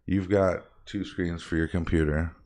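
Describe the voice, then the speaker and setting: A man's voice: deep voice, steady tone, measured pace, darkish tone. A man co-hosting a casual talk show, rambling and laid-back with lots of fillers. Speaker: co-host. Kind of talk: casual chat.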